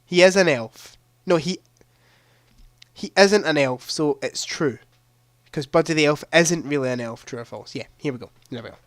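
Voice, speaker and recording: A man's voice: on the high side, normal speed, a bit bright, no room sound. A young man hosting a live-streamed quiz, chatting casually into a headset mic and reading questions aloud with a ready laugh. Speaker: livestream quiz host.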